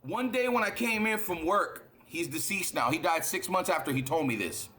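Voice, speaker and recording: A fired-up man talking straight to his viewers with a bright, forceful edge and a slightly raised pitch. He swears freely and hammers his points home, repeating words for emphasis, in a casual reaction-video monologue. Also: expressive, moderate pace. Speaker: reaction channel host.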